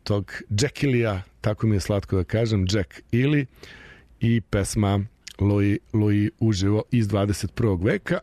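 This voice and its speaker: A man's voice: lowish voice, dark tone, no room sound. A man hosting a music radio show, chatting casually about songs and their versions.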